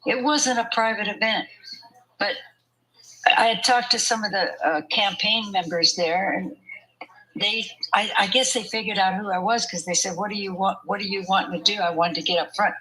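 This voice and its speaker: Chatty older woman, bright voice. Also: mid-range voice, fairly even intonation, normal speed, a little hiss or hum, rough recording. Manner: chatty, laughs often while telling her story. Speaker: interview guest. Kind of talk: conversational storytelling.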